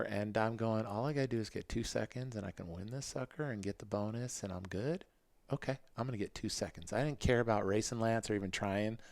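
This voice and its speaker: A middle-aged man recounting old racing days in a relaxed, chatty way. His voice sits fairly low, and he slips into quick acted-out lines of what he was thinking back then. The sound is dry and close, with hardly any room around it. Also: creaky, dry recording. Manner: animated, acts out his own past thoughts in quick quoted asides. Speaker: podcast guest, former motocross racer. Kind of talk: casual storytelling.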